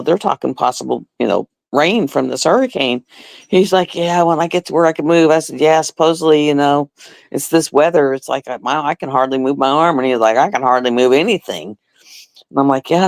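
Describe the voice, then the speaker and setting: A woman chats casually with her livestream viewers, telling stories and slipping into voices for the people she quotes. Her voice has a gravelly, creaky edge. The sound is dry and close, with no room echo. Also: low-pitched, a little mellow. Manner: chatty storyteller, acts out quotes. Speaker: livestream host.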